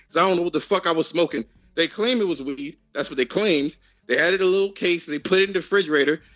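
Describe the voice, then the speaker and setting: A man's voice: on the high side, fairly bright tone, dry recording. A man hosting a casual group voice chat, talking frankly and with a lot of profanity. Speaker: host of an online voice chat.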